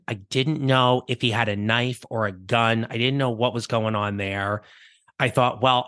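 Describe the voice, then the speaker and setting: A man hosts a coaching podcast and tells a story from his own life in an easy, reflective way. His voice is bright and forward. The close mic sounds dry, with no room around it. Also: medium pitch, dry recording. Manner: conversational, reflective, with small restarts. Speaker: podcast host and career coach. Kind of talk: personal storytelling monologue.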